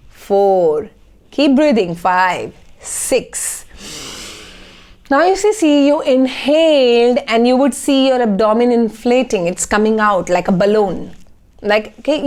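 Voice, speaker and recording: A woman's voice: a little high, darkish tone. A woman, speaking as a life coach in a motivational talk to camera and checking in often with "okay?".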